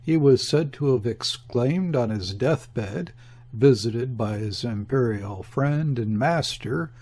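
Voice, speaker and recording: A man narrating a classic novel in a measured, deliberate way with a husky, gravelly voice. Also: mid-range voice, expressive, a little mellow. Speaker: audiobook narrator. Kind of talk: unabridged novel reading.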